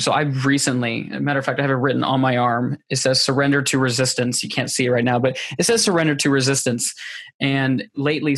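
A man's voice: mid-range voice, a bit bright, no echo. A man talks openly in a podcast conversation. His voice stays level and unvaried, and he often restarts his sentences while he searches for the right words. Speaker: podcast guest. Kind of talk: candid personal conversation.

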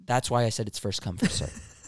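A man's voice: lowish voice, a little fast, no room sound, studio quality. A young man, a restaurant server, co-hosting a casual chat and telling work stories animatedly, acting out customers. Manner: animated storytelling, acts out customers. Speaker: podcast co-host, restaurant server.

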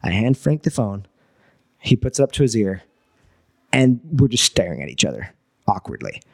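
A man's voice: lowish voice, normal speed, gravelly. A man, a guest entrepreneur, telling a story in casual talk, swearing and acting out what people said. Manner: animated, swearing, acts out quoted dialogue.

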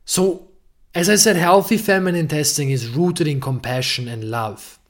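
A man's voice: on the high side, moderate pace. A man hosting a podcast, giving an earnest relationship-coaching monologue and swearing freely for emphasis.

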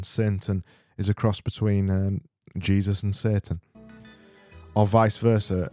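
Low, mellow sardonic British-born man. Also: little pitch movement, measured pace, pauses often, faint music behind. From Britain. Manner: rambling, sardonic. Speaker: podcast host. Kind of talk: comedic solo podcast.

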